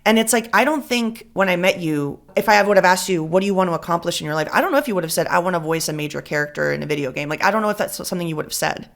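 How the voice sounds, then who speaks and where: A woman co-hosting a podcast, talking reflectively with a pace that speeds up and slows down. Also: fairly low pitch, lively intonation, creaky, fairly bright tone. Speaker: podcast co-host. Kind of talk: casual podcast chat.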